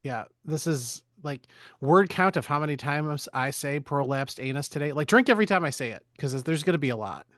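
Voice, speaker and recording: A man's voice: fairly high pitch, lively intonation, brisk, fairly bright tone, no echo, clean studio sound. A man hosting a podcast, giving a casual, crude, joking recap of a movie plot.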